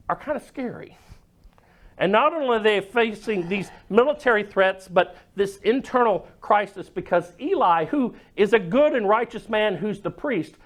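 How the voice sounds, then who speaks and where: A man preaching a sermon, telling the story dramatically and dropping to a hush at moments. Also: high-pitched. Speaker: pastor.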